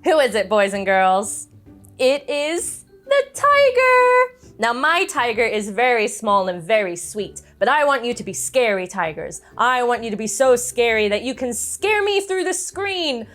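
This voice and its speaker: Animated woman telling a children's story. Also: a little high. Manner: animated, coaxing, with gasps and playful animal noises.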